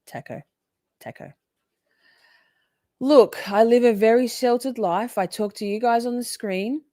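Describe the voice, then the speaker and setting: A woman's voice: fairly high pitch, steady tone, normal speed, warm tone, dry recording, clean studio sound. Chatty Australian woman reading comments. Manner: chatty, reads viewer comments aloud, laughs often. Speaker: livestream host. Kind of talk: casual livestream chat.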